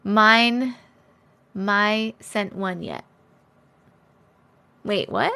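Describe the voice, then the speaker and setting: Casual live-stream host, woman, fairly high and very animated voice, friendly chatter with viewers. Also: normal speed. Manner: chatty, greets viewers by name, laughs often.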